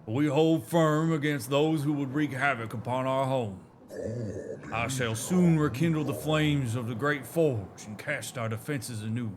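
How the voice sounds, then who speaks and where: A man voicing a shrewd male creature craftsman with a put-on Southern drawl, speaking formally and measured. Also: medium pitch, noisy background, lightly acted. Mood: resolute.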